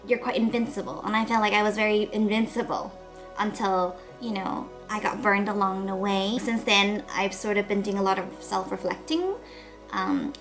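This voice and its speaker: A woman in her thirties talking openly to her viewers in a casual vlog, soft-spoken, with fillers and trailing pauses. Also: on the high side. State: nasal from a cold. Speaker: vlogger. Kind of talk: reflective casual vlog talk.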